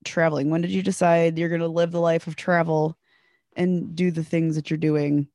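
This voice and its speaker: A woman's voice: low-pitched, flat delivery, normal speed, warm tone, no room sound. A woman co-hosting a podcast, chatting casually and making dry, joking remarks. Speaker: podcast co-host. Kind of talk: casual chat.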